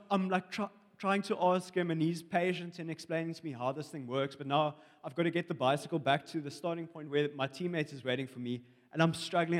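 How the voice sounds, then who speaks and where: Young guy sharing a dream at church, lots of ums and likes, kinda high voice, big echoey hall. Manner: rambling, hesitant storytelling with many fillers. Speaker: congregation member sharing a dream. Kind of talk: personal testimony in church.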